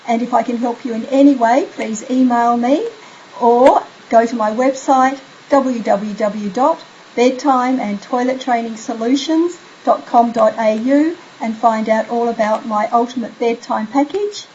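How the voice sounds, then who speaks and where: A middle-aged woman parenting coach giving bedtime tips in a gentle, soothing way. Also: on the high side, measured pace, lo-fi sound, slight background noise. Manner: soothing, demonstrates soft bedtime phrases. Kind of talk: instructional talk to camera.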